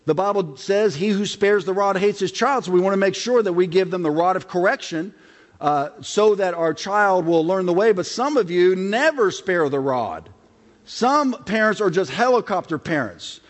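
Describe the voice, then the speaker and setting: High-voiced male pastor in a reverberant hall. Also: animated, normal speed. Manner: conversational preaching with acted-out quotes. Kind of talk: sermon. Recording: long reverb of a large hall.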